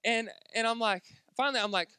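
A man's voice: extremely high pitch, a little fast, bright, forceful tone, smooth, no echo, studio quality. A man preaching a sermon at a church service, joking and chatting directly with the congregation. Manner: jokey, chatty, talks straight to the congregation. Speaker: pastor.

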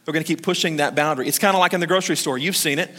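A man's voice: a little high, rapid-fire, a bit bright, in a large hall. A man in his thirties preaching a sermon as pastor, conversational and joking, acting out short quotes.

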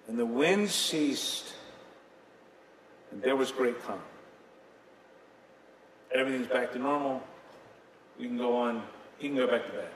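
A man preaching a sermon, retelling scenes dramatically, with sudden swings between loud and soft. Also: mid-range voice, a little slow, long pauses, slight background noise. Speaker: pastor. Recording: echoey hall from a distance, faint ambience.

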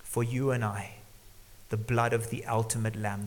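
A middle-aged male pastor preaching an earnest sermon, sometimes dropping to a hush for emphasis. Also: lowish voice, level tone, normal speed. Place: church hall. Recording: long church reverb.

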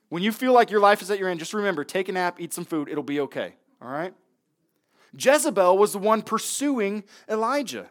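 A man's voice: fairly high pitch, animated, brisk. A man preaching a sermon in a conversational way, acting out the voices of people in the story. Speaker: pastor.

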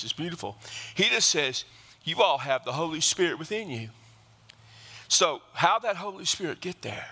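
A male pastor preaching an emphatic sermon, building to excited, fast passages. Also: a little high, long reverb tail.

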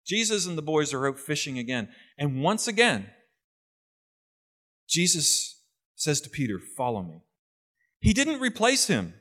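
A pastor giving an earnest, conversational sermon. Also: male voice, on the high side, sing-song, unhurried, long pauses, sharp tone.

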